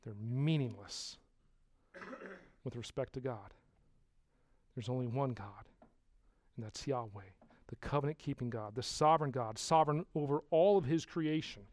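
A man preaching a sermon to his congregation, emphatic and conversational, dropping quiet and then rising loud for emphasis. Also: mid-range voice, normal speed, long pauses, no room sound. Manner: conversational with restarts, addresses congregation. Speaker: pastor.

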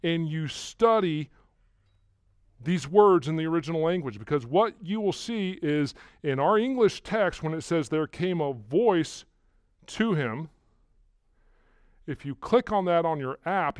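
A man with a slightly high voice preaches to his congregation, stopping to repeat words and pushing hard on the ones that matter. The sound is dry and close, with no room echo. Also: animated, unhurried. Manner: repeats words and rises loudly on key words. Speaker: pastor. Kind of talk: sermon.

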